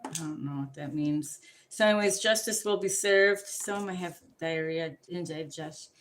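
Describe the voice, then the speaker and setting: A tarot reader on a livestream gives a loose, meandering reading full of swearing and sudden topic jumps. She has a low voice and speaks at a moderate pace.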